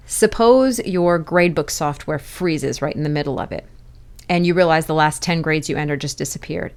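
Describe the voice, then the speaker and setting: Candid, laughing woman podcast host. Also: lowish voice. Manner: friendly, candid, with little laughs. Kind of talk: conversational advice talk.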